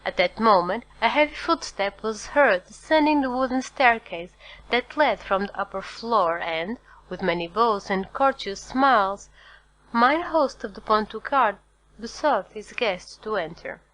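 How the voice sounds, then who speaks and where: Woman, audiobook narrator, scripted narration, steady, formal, slightly high voice. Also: measured pace, low-quality recording.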